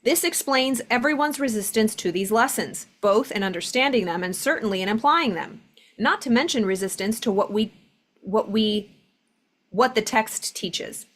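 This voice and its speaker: A woman with a voice on the high side, speaking at normal speed, teaches an informal spiritual lesson. She reads passages aloud and chats loosely, sprinkling in many "like" fillers.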